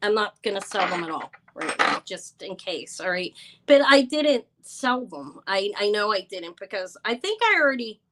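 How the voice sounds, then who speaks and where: A woman's voice: medium pitch, very animated, normal speed, pushed and bright, low-quality recording. A tired, stressed woman hosting a live jewelry sale, talking in a flustered, apologetic way with many stumbling restarts. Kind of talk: live-stream sales chat.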